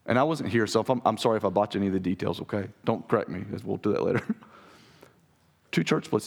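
A man preaching a sermon as pastor, with a raspy voice, earnest and direct with his congregation. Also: lowish voice, lively intonation, quick pace. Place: church sanctuary.

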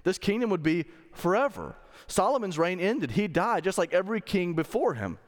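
In a reverberant church sanctuary, a man preaches as pastor with a high, sing-song voice at normal speed. His sermon is conversational, peppered with rhetorical questions for the congregation.

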